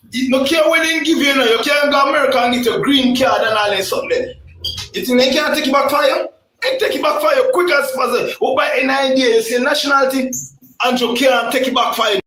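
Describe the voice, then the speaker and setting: A man's voice: very high-pitched, pushed and bright, reverberant, a little hiss or hum, rough recording. A Jamaican man arguing heatedly in a call-in debate, emphatic and repetitive, stumbling over restarts.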